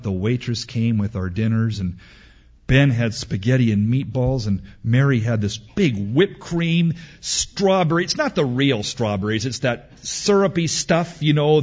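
Preaching to young men, this middle-aged man uses a medium-pitched, expressive voice at a measured pace. His storytelling is emphatic and full of repetition, captured on a dull, lo-fi recording.

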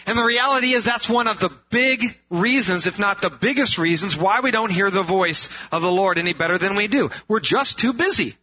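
High, bright-voiced preacher man. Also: a little fast, few pauses. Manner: earnest, rhetorical questions, restarts and emphatic repetition. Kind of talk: sermon. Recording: dull lo-fi sound.

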